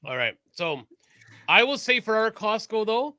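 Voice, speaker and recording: A man co-hosting a podcast in casual chat, animated, laughing often and swearing freely. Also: high voice, measured pace. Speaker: podcast co-host.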